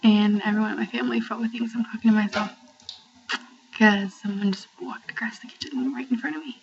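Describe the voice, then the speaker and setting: A woman's voice: medium pitch, steady tone, quick pace, vocal fry, highs cut off, slight background noise. A young woman filming an awkward, rambling video message at home. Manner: awkward, rambling, self-conscious. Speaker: vlogger. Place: family home, near the kitchen.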